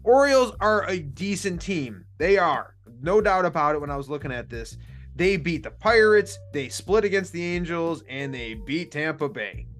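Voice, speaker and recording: A man's voice: a little high, big pitch swings, moderate pace, a bit bright, soft background music. A man hosting a casual sports betting podcast, chatty and jokey, laughing often. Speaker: podcast host.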